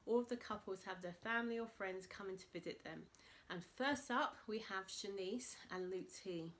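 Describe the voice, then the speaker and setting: Woman vlogging a telly recap, chatty and animated, bright tone. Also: normal speed. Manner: animated retelling, voices quotes in a high excited pitch. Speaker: vlogger recapping a reality show. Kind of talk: casual chatty recap to camera. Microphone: camera mic, speaking to camera.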